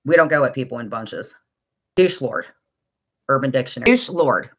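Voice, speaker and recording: A woman's voice: very deep voice, animated, moderate pace. A middle-aged woman with a blunt, insulting, exasperated manner, ranting in casual chat on a livestream. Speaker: livestream commentator.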